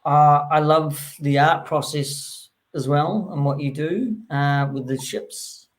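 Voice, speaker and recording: Hesitant New Zealand man, slightly high. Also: steady tone, slow. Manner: hesitant, many fillers and restarts. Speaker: podcast co-host. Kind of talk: casual chat.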